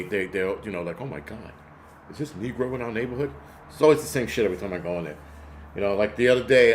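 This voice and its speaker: A man's voice: fairly low pitch, slight background noise. A man hosting a casual livestream, rambling through profane stories and answering chat comments. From United States. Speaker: host.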